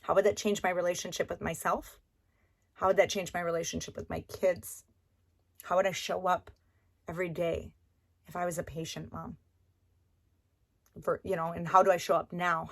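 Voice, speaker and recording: A woman's voice: lowish voice, gravelly. A woman coaching through a recorded course lesson, chatty and encouraging, often checking in with "okay?" and repeating key points. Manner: encouraging and repetitive.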